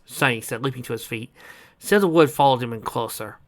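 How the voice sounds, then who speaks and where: A man's voice: medium pitch, fairly quick. A man narrating a story dramatically and expressively, adding asides to listeners. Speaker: audiobook reader.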